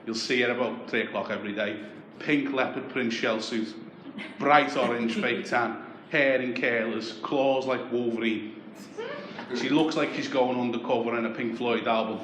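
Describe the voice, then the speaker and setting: A man's voice: medium pitch, normal speed. Young Liverpool man doing sweary stand-up. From Liverpool, England. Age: young adult. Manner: deadpan, sweary storytelling. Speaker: stand-up comedian. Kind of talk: stand-up comedy set. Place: comedy club stage. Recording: echoey club with crowd noise. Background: audience laughter.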